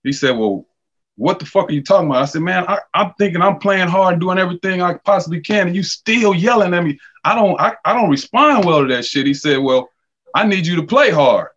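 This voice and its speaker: A man's voice: high voice, a little fast, lo-fi sound. A middle-aged man and former basketball player, a podcast guest telling profane stories casually and acting out the dialogue. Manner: profane, animated, acts out dialogue. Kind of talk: casual storytelling.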